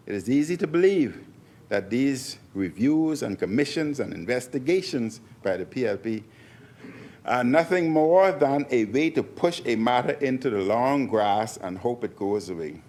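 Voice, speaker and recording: A man's voice: medium pitch, lively intonation, normal speed, a little mellow. Emphatic man giving a speech. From Bahamas. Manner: emphatic, repeats phrases for stress. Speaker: member of parliament. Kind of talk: parliamentary speech. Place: parliament chamber.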